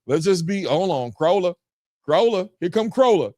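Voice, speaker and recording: Male boxing-talk host, loose and excitable over fight replays, slightly high voice, recorded dry. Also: normal speed, no room sound. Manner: excitable, hollers and drawls reactions. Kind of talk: casual chat while replaying fight clips.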